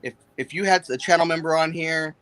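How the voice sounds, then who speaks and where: Young guy, riled up and cursing, recounting a story, slightly high voice, dry recording. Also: brisk, fairly bright tone, clean tone, dry recording. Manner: heated, profane storytelling. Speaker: guest on a livestream. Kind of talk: casual chat.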